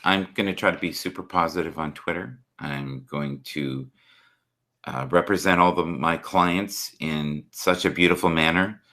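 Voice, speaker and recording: A man's voice: sits low, measured pace, sharp tone. A man hosting a live stream, chatting earnestly about forgiveness, love and spirit over a video call. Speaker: livestream host. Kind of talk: casual chat.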